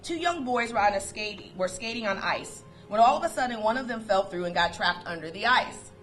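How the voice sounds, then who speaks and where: A woman giving a motivational talk to coworkers, lively and storytelling, quoting sayings and laughing often. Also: medium pitch, a little fast, soft background music. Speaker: motivational speaker.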